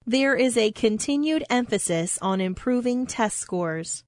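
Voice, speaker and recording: Woman reading example sentences slowly. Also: fairly high pitch, animated, no room sound, clean studio sound.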